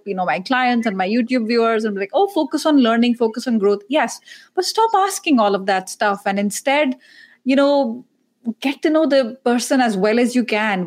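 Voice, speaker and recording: A woman career coach and podcast host talking animatedly in a casual panel discussion, joking and exasperated. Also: a little high.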